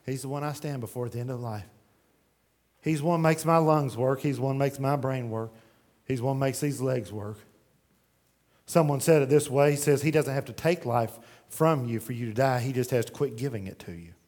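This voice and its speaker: A man preaching a sermon, swinging from shouted pleas to hushed intensity and reading scripture aloud in old-fashioned phrasing. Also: mid-range voice, moderate pace. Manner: reads scripture aloud in King James phrasing.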